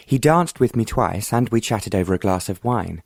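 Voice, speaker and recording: A man voicing a bold, determined young woman who speaks frankly and confidingly, in a mid-pitched voice with little room sound. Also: animated, moderate pace, gravelly, darkish tone, no echo, clean studio sound.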